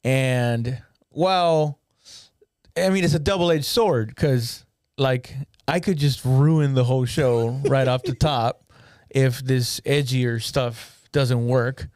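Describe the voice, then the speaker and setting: A man's voice: mid-range voice, slow, a little mellow, dry recording, studio quality. A man hosting a casual comedy podcast, thinking aloud with lots of fillers and restarts. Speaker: podcast host and comedian running a show.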